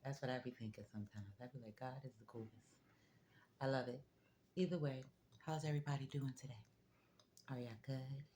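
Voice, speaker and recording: A woman's voice: a bass voice, a little mellow, a little hiss or hum. A woman talking straight to her audience in a casual spiritual monologue, chatty and storytelling, full of asides and little laughs. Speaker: vlogger.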